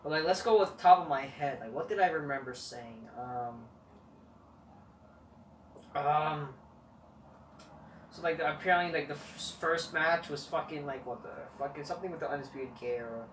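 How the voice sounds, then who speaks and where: A man's voice: a little high, moderate pace, long pauses. A man hosting a wrestling review, rambling and dismissive and swearing constantly, recorded on a camera mic. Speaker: wrestling show reviewer, channel host. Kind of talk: profane rambling review rant. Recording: roomy, distant mic, faint noise.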